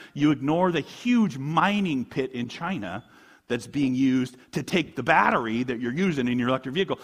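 A man's voice: mid-range voice, husky, in a large hall. A man preaching a conversational sermon as a pastor, asking rhetorical questions and chuckling often.

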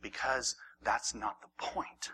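A man preaching a sermon, acting out the story and swinging from raised, animated lines to hushed near-whispers. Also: mid-range voice, slow pace, slight background noise, low-quality recording. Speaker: pastor.

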